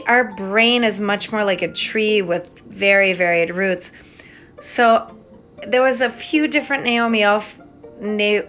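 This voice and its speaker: Speaking in a slightly bright, mid-range voice, an American podcast host delivers a loose, casual monologue. She drifts off mid-thought, swears now and then, and spells out words as she goes.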